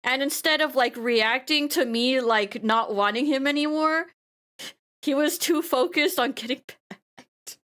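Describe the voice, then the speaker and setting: A woman streamer chatting casually with a high voice. She giggles through her sentences and trips over repeated words as she talks. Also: a little slow, fairly bright tone. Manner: stumbling restarts and repeated words. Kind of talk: casual storytelling chat.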